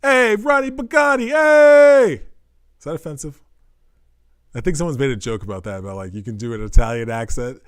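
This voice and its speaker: Man, podcast host, casual rambling monologue, profane jokey asides, mid-pitched voice, dry close sound. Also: lively intonation, fast talker, a little mellow, dry recording.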